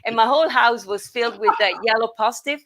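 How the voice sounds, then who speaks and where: A woman's voice: on the high side, fast talker, over a noisy crowd. An Italian woman with an Italian accent, hosting a casual live-stream chat from home, talking animatedly with many restarts. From Italy. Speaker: host.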